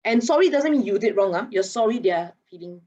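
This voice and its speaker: A woman, speaking as an animated expert in an online masterclass and teasing her audience. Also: medium pitch, a little fast, lo-fi sound. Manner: animated, chatty, teasing, with local particles like lah. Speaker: guest speaker on mental wellness.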